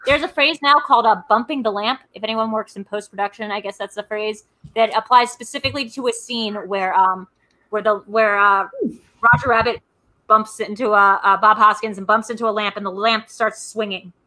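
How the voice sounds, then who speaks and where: A woman's voice: medium pitch, steady tone, fairly quick, pushed and bright, rough recording. A woman co-hosting a casual movie podcast, rambling through film trivia with many fillers and restarts. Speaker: podcast co-host.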